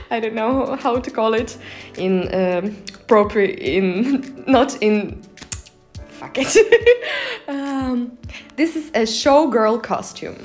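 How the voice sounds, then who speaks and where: Giggly young woman with lively pitch. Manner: giggly, laughs often, playful put-on voices. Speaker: vlogger reviewing cat costumes. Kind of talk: casual reaction commentary.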